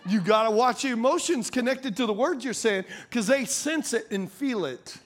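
A man with a strikingly high voice delivers a humorous sermon. He keeps it conversational and playful, using folksy slang and repeatedly calling on his listeners to agree with him. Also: moderate pace, few pauses. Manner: playful, calls out to the audience for agreement.

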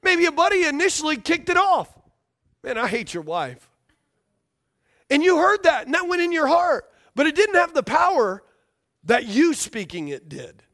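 A male pastor delivering a sermon in a very high voice that rises and falls with animation. He hammers his points home by repeating phrases and keeps asking the congregation if they follow. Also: sing-song, normal speed, a bit bright. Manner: emphatic, repeats key phrases, checks in with the congregation.

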